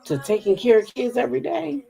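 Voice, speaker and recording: A woman's voice: fairly high pitch, expressive, brisk, gravelly, warm tone, faint music behind. A middle-aged woman hosting a gossip channel, chatting frankly with her viewers in a casual live stream, reading their comments and swearing freely.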